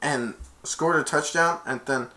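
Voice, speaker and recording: Speaking a little slowly, a male reviewer walks through a film's story in a laid-back way, linking each event with "and then." Every so often he leaps into loud, squeaky character quotes.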